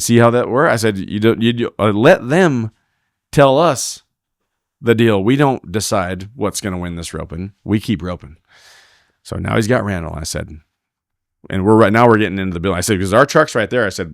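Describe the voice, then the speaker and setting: The clip has a man's lowish, creaky voice at a fairly quick pace, captured in studio quality without echo. A team roper guesting on a podcast, he tells a story casually and with animation, performing the quoted lines and swearing freely.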